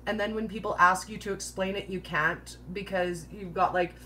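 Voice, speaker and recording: A woman's voice: mid-range voice, fairly even intonation, normal speed, bright, forceful tone, slight background noise. A woman hosting a casual live-stream Q&A, chatty and joking, often laughing at her own jokes and using 'like' a lot. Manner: filler-heavy, says 'like' constantly. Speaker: host of a live keto Q&A.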